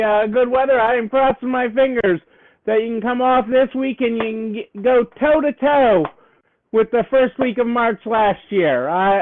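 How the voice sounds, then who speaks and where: A man hosting a casual live stream for store owners, upbeat and cheerleading, repeating his phrases and playing up a southern twang. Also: very high-pitched. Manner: playfully putting on a southern twang. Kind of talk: casual live stream chat greeting viewers. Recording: tinny phone-like sound.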